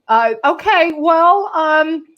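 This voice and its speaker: A woman's voice: very high-pitched, animated, slow pace, lo-fi sound. A woman hosting a casual chat, prompting her guest with questions. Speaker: host.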